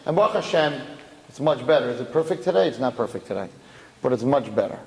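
A man speaking as a rabbi, telling a story in a lively way and acting out the people in it. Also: mid-range voice, fast talker. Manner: animated, acts out the dialogue of the story. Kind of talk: storytelling talk. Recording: echoey hall.

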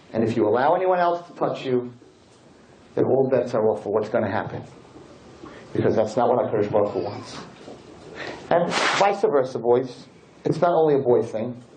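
A man giving a storytelling sermon as a rabbi to an audience, animated and acting out the people in his story. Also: medium pitch, poor audio. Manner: animated, acts out characters' voices.

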